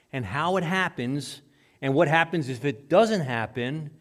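A male pastor preaching a sermon in a conversational way, repeating and restarting phrases, rising to loud emphatic bursts and dropping to quiet low asides.

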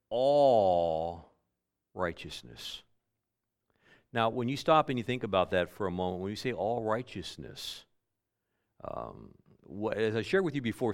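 A man preaches a sermon at a medium pitch. He talks in a folksy, conversational way and uses homespun examples. He jumps between loud, emphatic bursts and quiet, low asides. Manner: folksy, with homespun illustrations and filler restarts.

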